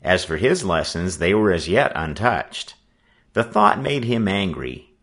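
Deep-voiced man reading a storybook aloud, voice rising and falling a lot. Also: big pitch swings, unhurried, a bit bright. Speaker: audiobook narrator. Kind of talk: scripted narration.

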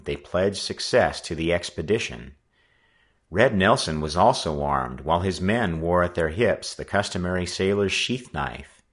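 A man narrating an adventure story as an audiobook reader, with an animated reading manner. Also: deep voice.

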